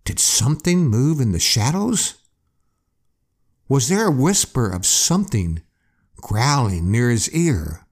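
A male podcast host tells a scary campfire story, speaking slowly and stretching out each line for effect. His pitch swoops widely as the suspense builds, making the narration expressive.

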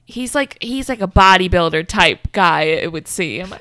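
A woman's voice: fairly low pitch, expressive, a little slow, fairly bright tone, no room sound. Wry young woman podcast co-host. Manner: laughing, wry, narrates plot points. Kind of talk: casual chat recapping a film.

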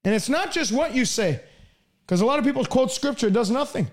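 A man delivers a broadcast sermon in a very high voice. He presses his points emphatically, swinging from raised pleading lines to low, quieter asides. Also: expressive, brisk. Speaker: preacher.

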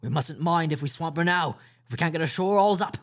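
A man's voice: mid-range voice, moderate pace, close to an everyday voice. A man voicing a stern ship's captain in a storybook reading, giving clipped orders. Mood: urgent.

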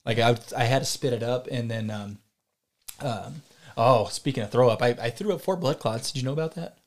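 This podcast co-host is a man with a medium-pitched, brisk voice. In casual chat he tells a long, rambling story full of digressions, swearing now and then.

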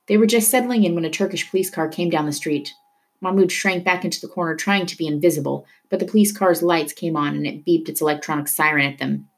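A woman reading a novel aloud with steady storytelling narration. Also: fairly low pitch, quick pace. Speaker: reader.

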